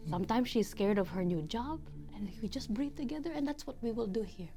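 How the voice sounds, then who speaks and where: A woman voicing a warm motherly caregiver with a put-on foreign accent, coaxing and gently whispery in a tabletop role-play. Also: on the high side, a little fast, faint music behind, natural voice. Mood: soothing. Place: studio.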